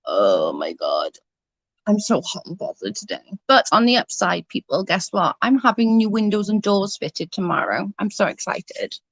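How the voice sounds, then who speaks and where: A middle-aged woman hosting a livestream speaks at medium pitch and normal speed, very animated, on a dry recording. She chats casually, telling funny family stories, laughing often and swearing freely.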